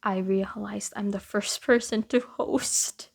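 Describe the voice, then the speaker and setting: A woman's voice: medium pitch, steady tone, takes it slowly, creaky. A young woman casually talking through her year in a vlog, chatty and self-deprecating, often laughing at herself. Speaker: vlogger.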